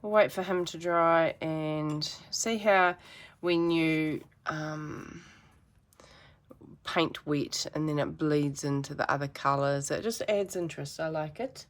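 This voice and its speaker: A woman's voice: sits low, takes it slowly. A woman giving a chatty, rambling painting tutorial with self-deprecating asides. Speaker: art teacher.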